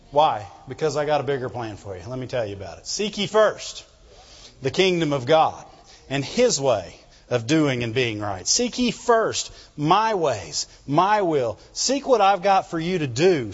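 Pastor, man, fervent sermon delivery, fairly high voice, dull lo-fi church recording. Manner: fervent preaching, asks the congregation "Amen?". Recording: reverberant hall, dull lo-fi sound.

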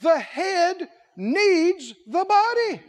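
A man's voice: very high voice, big pitch swings, extremely slow. A man preaching a sermon as head of a ministry, emphatic and repetitive, asking the congregation questions and acting out quotes.

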